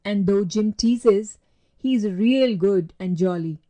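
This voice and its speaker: A woman voicing a kind, sympathetic little girl who speaks gently and earnestly in a storybook reading. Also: medium pitch, slow, lightly acted.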